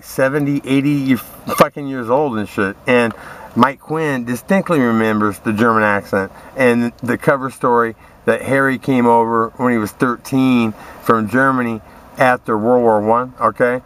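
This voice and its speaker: A man with a mid-range, fairly bright voice rants straight to camera, rambling, profane and aggrieved as he addresses his listeners.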